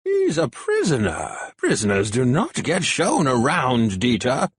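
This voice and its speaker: A man's voice: medium pitch, huge pitch swings, measured pace, slightly rough, no echo, clean studio sound, voice pushed up, exaggerated voice. A man voicing a weary old male adviser who speaks cautiously and pleads with a younger man.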